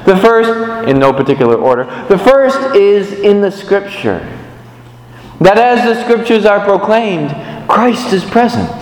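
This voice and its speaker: Man, fairly high voice, animated sermon storyteller, recorded in a church with long, roomy reverb. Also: unhurried. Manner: animated storytelling with big pitch swings. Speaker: preacher.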